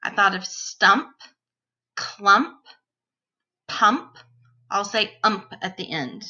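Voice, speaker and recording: Woman, teacher, phonics lesson, slow deliberate sounding-out, bright tone, muffled lo-fi audio. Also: medium pitch, expressive. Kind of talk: phonics lesson for young children.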